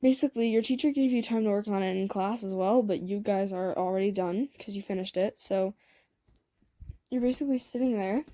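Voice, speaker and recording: A young woman tells a homemade love story in a loose, rambling chat, trailing off into fillers and little laughs. Her voice is mellow and warm at a middle pitch. The recording is dry and close. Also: a little fast, dry recording. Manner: rambling, filler-heavy, giggly. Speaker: fan audio story creator. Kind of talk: casual storytelling narration.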